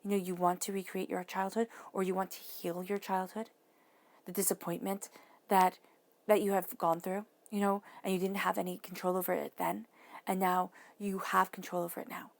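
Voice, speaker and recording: A woman giving a tarot reading, talking soothingly and dropping now and then to soft whispers. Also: medium pitch, flat delivery, moderate pace, gravelly. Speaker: tarot reader.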